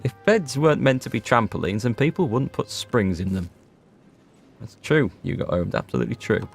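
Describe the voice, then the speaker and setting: Gravelly man joking through a game. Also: medium pitch, expressive, moderate pace, soft background music. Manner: joking, talks to chat while playing. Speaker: gaming video host. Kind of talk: casual let's-play commentary.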